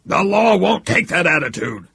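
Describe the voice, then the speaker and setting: A man reading an audiobook, voicing a stern, quick-tempered older father with a gruff, indignant manner. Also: medium pitch, animated, a bit bright, no echo, voice pushed up. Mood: angry.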